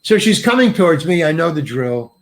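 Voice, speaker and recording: A man's voice: on the high side, big pitch swings, fairly quick. An older male actor telling a self-mocking anecdote in an interview, acting out the people he quotes. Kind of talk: storytelling in an interview.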